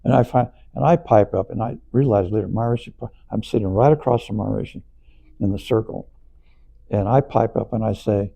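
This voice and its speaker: An older man being interviewed, rambling through anecdotes with frequent chuckles, his voice gravelly. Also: fairly low pitch, brisk, mellow, rough recording. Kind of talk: anecdotal storytelling.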